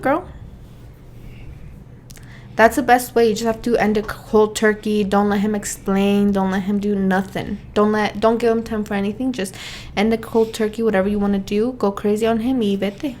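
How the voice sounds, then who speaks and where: A young woman co-hosting a podcast, chatting casually, blunt and quick to laugh. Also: mid-range voice, fairly even intonation, darkish tone, a little hiss or hum. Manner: giggly, blunt. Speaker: podcast co-host. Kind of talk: casual chat.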